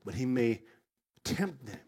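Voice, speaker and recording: A man preaching a sermon through a live interpreter, speaking emphatically and jumping between loud and soft. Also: mid-range voice, very animated, a little slow, slightly rough.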